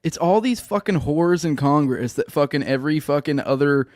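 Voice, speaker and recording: Higher-voiced mocking podcast co-host man. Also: animated, moderate pace, a little mellow, dry recording, studio quality. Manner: profane, mocking, laughs often. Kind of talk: casual chat.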